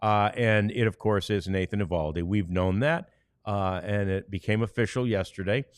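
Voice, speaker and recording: A man's voice: on the low side, normal speed, clear, resonant tone. A man from the United States hosting a sports podcast, chatting easily with many fillers and reading ads. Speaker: podcast host. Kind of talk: casual sports podcast chat, ad reads.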